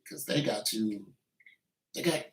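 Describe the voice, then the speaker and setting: A man's voice: fairly low pitch, slow, vocal fry. A man in a blunt, preachy and joking casual rant, recorded in an echoey room with faint music behind. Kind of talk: casual rant with improvised singing.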